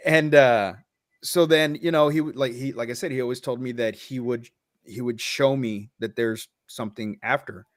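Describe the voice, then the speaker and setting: A man in a casual podcast talk, telling a personal story with blunt, profane candor and loose restarts. His pitch sits in the middle, and the sound is close and dry. He sounds a little choked up underneath. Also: steady tone, normal speed, no room sound.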